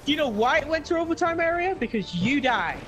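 A man's voice: very high voice, sing-song, a little fast, fairly bright tone. A young man gaming with friends, teasing his teammates and arguing back about the game. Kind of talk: casual gaming chat.

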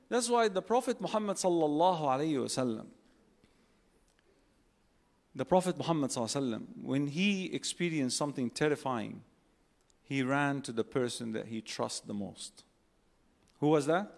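A high-voiced man preaches to a packed convention hall. He talks with animated energy, throws questions at the crowd and acts out little quotes along the way. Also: moderate pace, pauses often. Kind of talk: religious talk to a live audience. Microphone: holding a phone and a mic on stage.

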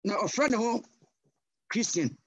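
Impassioned Ghanaian preacher, dry sound. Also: male voice, high voice, animated, a little slow, slightly rough, no room sound, highs cut off. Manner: impassioned, switching between English and Twi, rising to loud cries. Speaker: guest pastor. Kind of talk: sermon. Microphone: video call.

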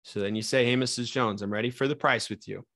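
Lively young man coaching a sales team. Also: mid-range voice, fast, no echo. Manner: energetic, up-and-down delivery, talks straight to his trainees. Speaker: sales trainer. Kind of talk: live sales training session.

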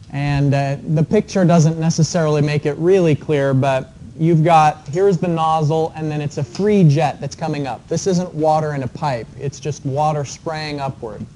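A man's voice: on the high side, darkish tone. Man giving a recorded engineering lecture. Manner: explanatory, measured, with frequent fillers. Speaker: engineering professor.

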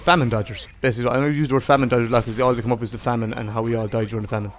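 A young Irish gaming vlogger with an Irish accent rants casually to camera, rambling, swearing and joking with his viewers. He speaks in a medium pitch with fairly even intonation at a racing pace, and there's a little hiss or hum.

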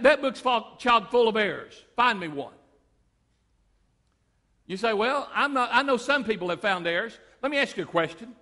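A man preaching a sermon as pastor, moving between loud declarations and quiet stories. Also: high voice, in a large hall. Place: church sanctuary.

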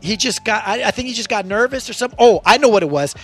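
A man hosting a podcast, telling a road story in a casual, animated way and swearing freely. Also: high-pitched, fast talker, faint music behind. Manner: animated, acts out voices in his stories, swears freely. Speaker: podcast host.

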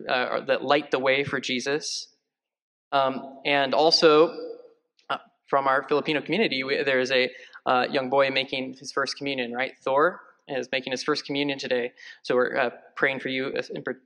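A male parish priest giving a conversational homily, joking lightly and filling pauses with ums and uhs. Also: mid-range voice, fairly bright tone. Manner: chatty, joking, many fillers. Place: large church. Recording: long church reverb.

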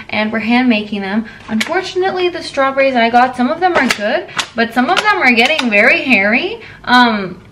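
A woman's voice: on the high side, noisy background. Chatty, joking young woman vlogger. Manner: jokey, self-mocking, chatty. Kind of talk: casual vlog voice-over. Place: home kitchen.

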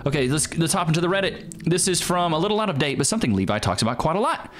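Texas-accented man, lively reaction host. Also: fairly high pitch, very fast. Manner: animated, mock-preachy, slips into a drawl. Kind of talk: casual reaction commentary.

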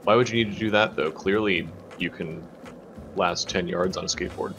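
A man's voice: sits low, moderate pace, music in the background. A man giving wry, mocking, occasionally profane commentary on a video game. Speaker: let's play co-commentator.

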